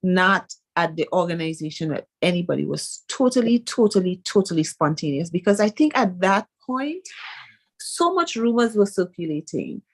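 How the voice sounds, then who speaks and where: A woman's voice: on the low side, sing-song, normal speed. A woman hosting a radio interview, talking in a conversational, engaged way. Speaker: host.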